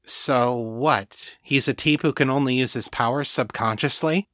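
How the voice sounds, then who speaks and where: A sharp-tongued young telepath woman, read by a man, firing blunt, skeptical questions in a slightly raised voice. This is a dry, close audiobook reading with no room sound. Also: medium pitch, unhurried, dry recording, natural voice. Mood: curious.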